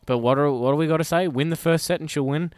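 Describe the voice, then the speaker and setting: Young aussie bloke yakking about sport, smooth voice, dead dry sound. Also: male voice, fairly high pitch, fast, darkish tone, no echo. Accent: Australian. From Australia. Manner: chatty, jokey, plays up the banter. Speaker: sports radio co-host. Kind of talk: casual sports chat.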